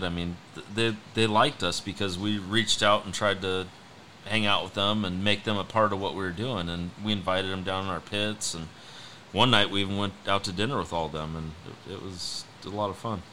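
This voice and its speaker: A race boat driver telling stories in a casual chat, animated and full of fillers. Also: male voice, sits low, a little hiss or hum. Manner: animated storyteller, many fillers. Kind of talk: casual storytelling.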